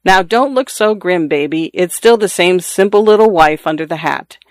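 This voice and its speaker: A man reading the lines of a patient young wife, in a soft, gentle, coaxing way. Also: high voice, moderate pace, dry recording, studio quality. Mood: teasing.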